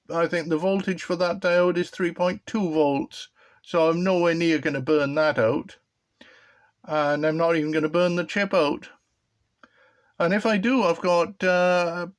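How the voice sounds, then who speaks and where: A British man hosting his own hobby electronics video, giving a casual show-and-tell that rambles and hesitates with frequent ums and restarts. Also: high voice.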